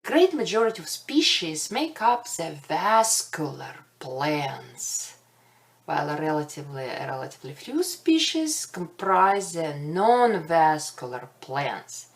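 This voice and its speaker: A woman's voice: fairly low pitch, big pitch swings, takes it slowly, hardly any pauses. A woman with a Russian accent giving a recorded botany lecture, careful and explanatory, with light self-deprecating humor. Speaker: botany instructor.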